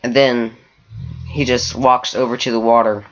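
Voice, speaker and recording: A man's voice: medium pitch, flat delivery, normal speed, highs cut off. A man casually retelling a story from an online game, rambling with lots of "like" fillers and restarts.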